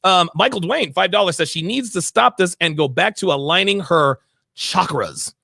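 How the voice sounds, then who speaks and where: A man streaming mocking commentary on a video clip, sarcastic and laughing often, mumbling low when he mimics her. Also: moderate pace, vocal fry, pushed and bright, dry recording, studio quality.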